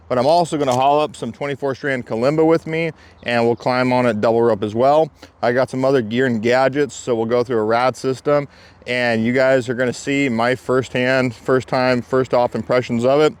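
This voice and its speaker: A man with a smooth, resonant voice talks through climbing gear in a relaxed review. He explains each detail in a chatty, step-by-step way and sits at a middling pitch for a man. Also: moderate pace.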